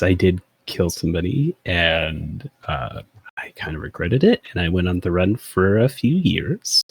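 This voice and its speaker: A man's voice: sits low, breathy edge, no echo. A man playing his character in a tabletop game, rambling in a laid-back way with laughing asides. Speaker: player. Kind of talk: in-character tabletop role-play.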